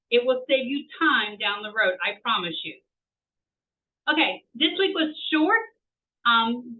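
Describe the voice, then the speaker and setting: A middle-aged woman gives an upbeat leadership lesson and keeps repeating her key words to drive them home. Her voice sits a little high. It comes through thin and tinny, as over a phone, and a little away from the mic. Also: recorded from a distance. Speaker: host and leadership instructor. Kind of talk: instructional video talk. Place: home office with a tin roof.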